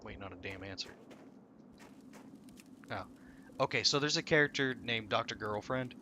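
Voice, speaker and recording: A man's voice: fairly low pitch, moderate pace, a little hiss or hum. A man chatting casually while gaming on stream, rambling through stories, swearing and laughing at himself. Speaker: game streamer. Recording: loud game gunfire behind.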